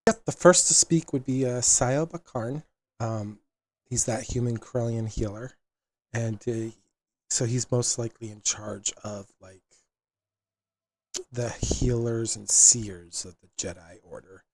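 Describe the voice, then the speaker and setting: A man narrating as game master in a tabletop game, relaxed and filler-heavy. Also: medium pitch, measured pace, no echo.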